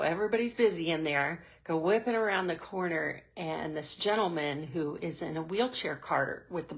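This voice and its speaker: A middle-aged woman hosting a heartfelt motivational talk for a women's group, speaking earnestly and sometimes near tears. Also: fairly low pitch. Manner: earnest, heartfelt, emotional storytelling. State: tearful at moments. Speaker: host.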